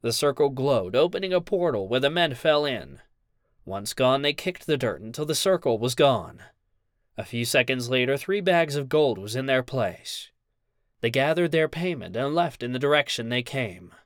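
A man narrating a short story as an audiobook reader in a measured, even way. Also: mid-range voice, dry recording, clean studio sound.

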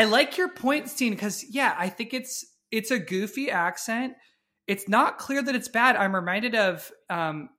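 A man's voice: high-pitched, bright, forceful tone. A young man, a guest on a podcast, chatting casually about a movie in a rambling, jokey way. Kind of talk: casual movie-review chat.

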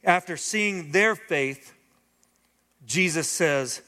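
A man's voice: on the high side, a little slow, pushed and bright. A man preaching a sermon as pastor, impassioned and building to urgent, emphatic appeals to his congregation. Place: church sanctuary. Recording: long hall reverb from church sanctuary.

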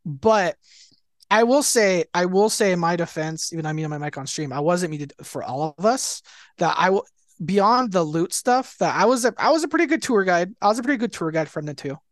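A man co-hosting a casual gaming podcast, telling rambling, animated stories full of swearing and filler words. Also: high voice, fairly quick, no room sound, clean studio sound. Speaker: podcast co-host. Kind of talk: casual chat.

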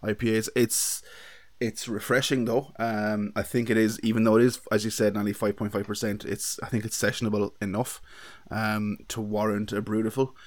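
A man co-hosting a podcast, measured and steady in casual chat. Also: on the low side. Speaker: podcast co-host.

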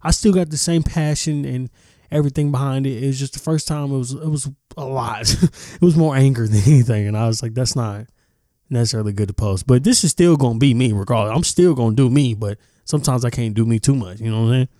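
A man talks through a casual reaction vlog in a blunt, profane way, stopping now and then to clear his throat. His voice sits at an ordinary pitch with a warm, dark tone. The sound is dry and close. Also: fast talker, no room sound. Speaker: commentary vlogger.

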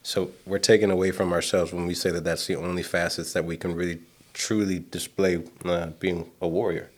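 Very deep, flat-voiced male podcaster. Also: brisk. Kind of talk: casual podcast discussion.

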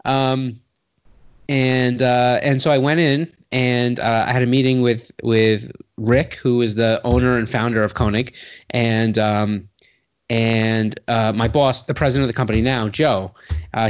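A man's voice: mid-range voice, normal speed, clean tone. A man, telling a long personal story in casual talk, acting out the voices of the people in it, full of "like" and restarts. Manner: animated, acts out quoted voices with sudden loud jumps; heavy use of "like" and restarts, swears casually. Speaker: guest telling his career story.

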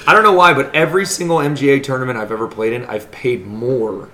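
A man co-hosting a casual chat, teasing the others with quick wisecracks. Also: medium pitch, fairly even intonation, bright, forceful tone, a little hiss or hum. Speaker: podcast co-host.

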